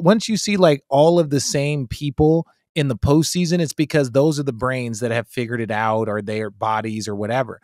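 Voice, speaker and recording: A man's voice: mid-range voice, no echo, clean studio sound. A man in his forties, a guest analyst in a casual podcast chat, talking emphatically and swearing freely.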